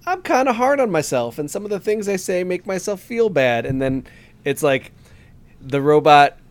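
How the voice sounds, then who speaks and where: A man co-hosting a podcast, chatting casually in a halting, rambling way with lots of fillers, sometimes acting out lines in quick voices. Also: high voice, animated. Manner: acts out game dialogue in quick voices. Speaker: podcast co-host. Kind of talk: casual chat.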